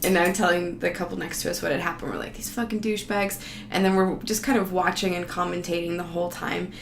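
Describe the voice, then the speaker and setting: A woman's voice: on the low side, steady tone, fast talker, vocal fry. A woman telling a casual, rambling travel story, profane and sarcastic. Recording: roomy echo, faint background noise.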